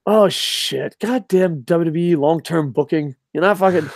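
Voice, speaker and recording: A man's voice: on the high side, measured pace, no echo, clean studio sound. A man co-hosting a casual wrestling talk show, ranting in a heated, profane way. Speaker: podcast co-host.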